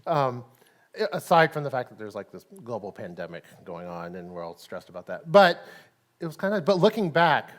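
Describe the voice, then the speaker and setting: A man's voice: mid-range voice, sing-song, normal speed. A man with a Texan accent preaching a casual sermon at a church service, chatty, laughing often and checking in with "right?". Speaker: pastor.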